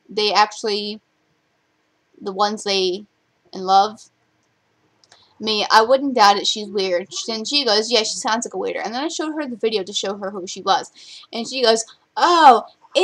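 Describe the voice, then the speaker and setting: A woman's voice: mid-range voice, a bit bright. A young woman ranting bluntly on her vlog, swearing freely and reading out chat messages. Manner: blunt, profane, rapid-fire ranting. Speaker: vlogger.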